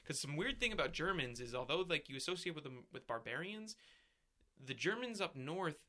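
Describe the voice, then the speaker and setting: A young man in casual chat, animated, joking and swearing freely. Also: fairly high pitch, fairly quick. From United States.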